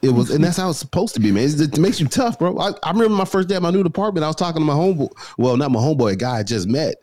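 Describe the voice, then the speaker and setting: A man in his thirties talking casually as a podcast guest, an animated storyteller who says bro and man a lot. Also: a little high, racing, no room sound. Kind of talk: casual conversation.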